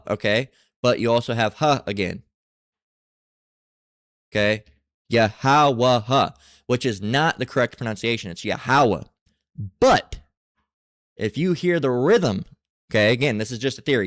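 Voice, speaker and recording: A man giving a casual scripture lesson, reading passages aloud and talking in a halting way with many fillers and restarts. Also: lowish voice, no echo, clean studio sound. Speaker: religious teacher.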